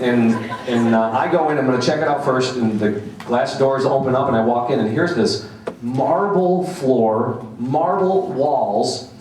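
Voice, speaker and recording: A man's voice: medium pitch, a little mellow. A man giving a sermon, telling a personal story and acting out the voices of its people. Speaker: speaker. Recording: echoey room, voice from some distance.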